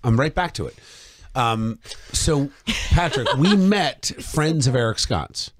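A man's voice: mid-range voice, animated, takes it slowly, dry recording. A man hosting a podcast in casual chat, telling a rambling, playful story and circling back to his point. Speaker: podcast host.

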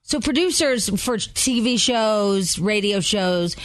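A co-host on morning radio who answers with sarcastic, giggly asides. The voice is mid-pitched and the sound is dry and close. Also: lively intonation, slow, no echo.

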